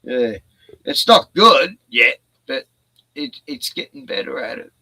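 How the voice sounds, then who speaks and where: A man's voice: mid-range voice, very animated, unhurried, pushed and bright, no room sound, low-quality recording. A man, chatting casually on a stream, laid-back, swearing often and laughing a lot. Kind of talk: casual chat.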